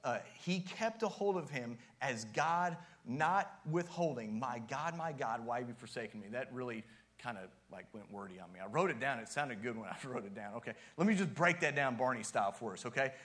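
A man's voice: mid-range voice, expressive, a little fast, a bit bright. A man preaching a sermon as youth pastor, casual and joking at times, with strong emphatic rises.

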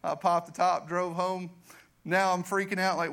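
A middle-aged man, a youth pastor giving an earnest testimony in a church. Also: normal speed. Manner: earnest storytelling, voice drops low and soft for emphasis. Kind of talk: testimony sermon. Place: church sanctuary.

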